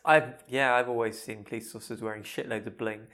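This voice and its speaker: A woman's voice: a bass voice, steady tone, fairly quick, fairly bright tone. A woman, co-hosting a casual chat and chiming in with dry wisecracks.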